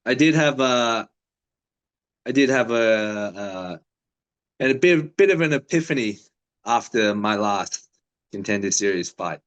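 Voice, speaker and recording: A man's voice: medium pitch, lively intonation, unhurried, pauses often, fairly bright tone, poor audio. A man in his thirties, a fighter, telling stories in a casual interview with a laid-back, swearing manner.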